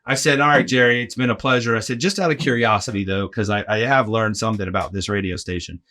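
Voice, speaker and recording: A man telling a story in a casual podcast chat, animated and acting out other people's lines. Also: lowish voice, fast. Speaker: podcast guest, arena game host.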